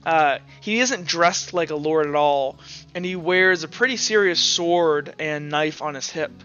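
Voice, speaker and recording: A man's voice: a little high, unhurried, bright, forceful tone, clean tone. A man narrating as game master in a casual, hesitant way with many fillers, over muffled audio with background music.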